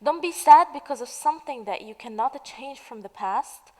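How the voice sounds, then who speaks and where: A woman teaching the meaning of idioms in a slow, patient way, asking questions and then answering them. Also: high-pitched, expressive, a little mellow, long reverb tail, poor audio. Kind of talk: slow explanatory lesson narration.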